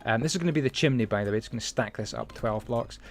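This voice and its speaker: Talking fast in a mid-range voice, this man hosts a casual Minecraft building video, mixing build commentary with rambling stories full of fillers and asides.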